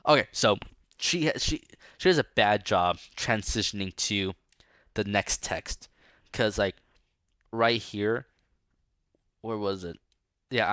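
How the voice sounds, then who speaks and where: A man's voice: lowish voice, measured pace, fairly bright tone, smooth, no room sound, clean studio sound. A young man reading a book aloud and breaking off for casual, rambling, mocking commentary. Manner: rambling, casual, lots of fillers. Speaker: book reader.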